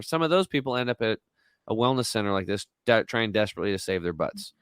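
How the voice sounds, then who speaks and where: Male guest, 40s, low pitch, blunt and emphatic storyteller, dry mic. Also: lively intonation, fairly quick, a bit bright, no room sound. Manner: emphatic, rambling, blunt with mild swearing. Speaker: podcast guest. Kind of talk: casual storytelling chat.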